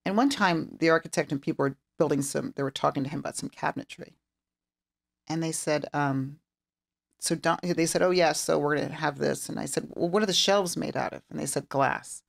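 Gravelly-voiced woman telling stories. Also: low voice, brisk. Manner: animated storyteller who acts out quoted dialogue. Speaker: interior designer guest. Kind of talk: storytelling interview chat.

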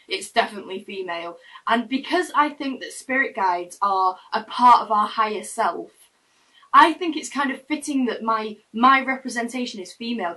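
A woman's voice: on the high side, pushed and bright, recorded from a distance, rough recording. A young woman telling a personal story to camera in her room, in a chatty, rambling way with frequent restarts. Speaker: vlogger. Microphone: camera mic.

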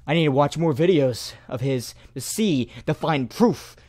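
A man's voice: fairly high pitch, expressive, unhurried, darkish tone, dry recording. A young man doing sarcastic reaction commentary on a video, mocking and swearing, repeating himself as he talks, into a close mic. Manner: mocking, swearing, repetitive restarts.

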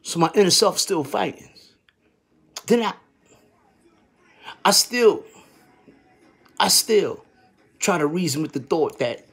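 Husky-voiced New man, storyteller vlogger, slangy, jumps from loud to low mutter. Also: slow pace, pauses often. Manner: animated street slang, swings from loud exclaiming to hushed muttering. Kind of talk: casual storytelling vlog.

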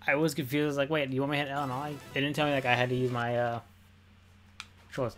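Brief: casual male streamer, mid pitch, chatty, swears, faint game music behind. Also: very fast. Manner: excitable, repeats phrases, swears freely. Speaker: gaming streamer. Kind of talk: casual gameplay commentary.

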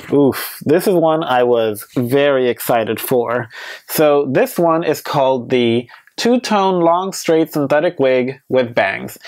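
A man with a middling-pitched voice talks casually to camera in an easygoing review. He is candid and hedges a lot, with frequent fillers and the odd playfully sassy aside. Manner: chatty and candid, hedging with many fillers. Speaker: beauty vlogger reviewing wigs. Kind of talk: casual product review chat.

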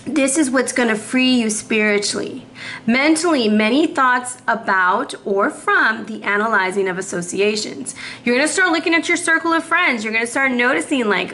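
A woman giving a casual tarot reading to the viewer, chatty and lively, slightly out of breath. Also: on the high side, normal speed. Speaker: tarot reader. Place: warm indoor room. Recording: roomy echo, faint background noise.

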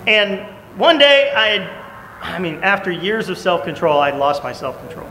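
A man preaching a sermon, telling a story with lively shifts and loud outbursts when he quotes people. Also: on the high side, moderate pace. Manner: animated storytelling, shouting in acted quotes. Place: church. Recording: echoey church hall, faint room noise.

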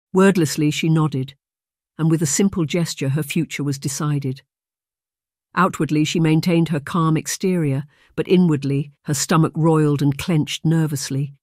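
In this scripted narration, an audiobook narrator reads a period romance at a steady, measured pace. The voice lands at a middling pitch, captured in a dry, close recording with no room sound.

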